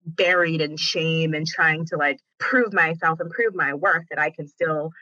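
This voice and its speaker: A woman guest telling her story in a casual conversation, animated and dramatic. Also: sits low, measured pace, no room sound, highs cut off. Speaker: podcast guest.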